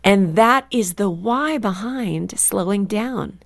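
A woman author being interviewed, telling stories in an animated, expressive way. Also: medium pitch, slow, vocal fry, few pauses. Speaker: author and guest. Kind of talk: conversational interview storytelling.

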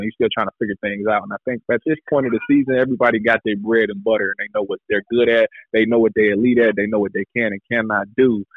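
A man guest on a sports talk show, speaking loosely with easy laughs and drawn-out sentences. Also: lowish voice, no echo, phone-quality sound. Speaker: guest, former defensive back. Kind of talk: casual interview talk.

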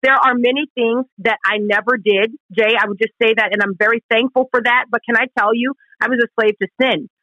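A woman's voice: fairly high pitch, fairly even intonation, a little fast, few pauses, dry recording, dull audio. A woman co-hosting a Christian radio talk show, explaining Scripture in an earnest, emphatic way. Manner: earnest, emphatic, acts out quoted questions. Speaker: radio co-host.

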